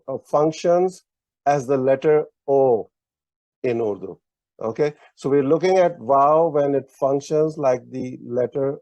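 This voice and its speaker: A man's voice: mid-range voice, mellow, no room sound. A man teaching a language lesson, explaining patiently with many fillers and restarts. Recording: dull lo-fi online lesson audio.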